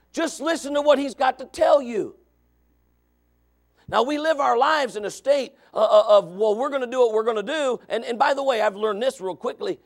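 A man preaching a sermon in a conversational way, moving from quiet asides to shouted points. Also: very high voice, gravelly. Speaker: pastor.

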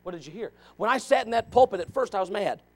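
Delivering a church sermon, this man in his forties speaks fast with a high-sitting voice. He's animated, poses questions, and moves back and forth between loud and quiet.

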